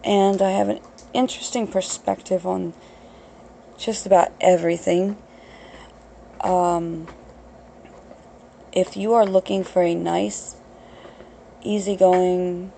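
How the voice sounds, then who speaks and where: A woman's voice: fairly low pitch, vocal fry, mellow, a little hiss or hum, rough recording. A woman in her thirties hosting an unscripted solo podcast, crass and blunt, swearing freely and mocking herself. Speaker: podcast host.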